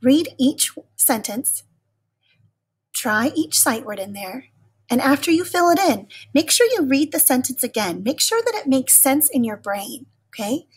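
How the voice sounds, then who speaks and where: A woman teacher giving a recorded lesson to young children, speaking in a slow, patient and encouraging way. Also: high voice, sing-song, husky.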